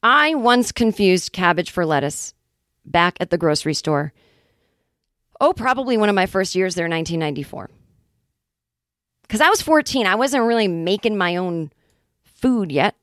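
A woman in her forties hosting a comedy podcast, telling a casual monologue in a chatty, wry way with quick acted-out asides. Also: lowish voice, animated, a bit bright, no room sound, clean studio sound. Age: 40s. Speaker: podcast host.

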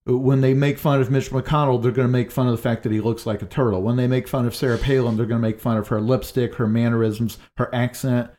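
A man's voice: medium pitch, level tone, fast talker, hardly any pauses, dark tone. A man talking through ideas in a casual panel discussion, thinking aloud with many fillers. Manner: loose, thinking aloud with frequent "like".

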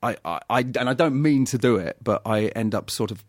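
A man telling lively anecdotes in casual chat as a guest actor, often laughing as he talks. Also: medium pitch, fairly quick, dry recording, clean studio sound. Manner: animated, laughing storyteller.

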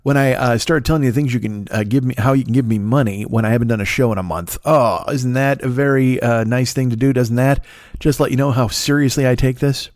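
A man's voice: medium pitch, a little fast, darkish tone, dry recording, clean studio sound. Profane, rambling middle-aged man. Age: 50s. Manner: profane, self-deprecating, rambling. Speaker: podcast host. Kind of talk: rambling solo podcast monologue.

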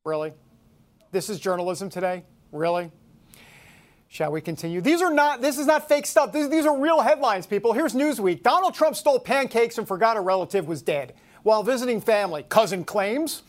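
A woman's voice: medium pitch, lively intonation, brisk. A woman hosting a talk radio show, reading headlines aloud with mocking sarcasm.

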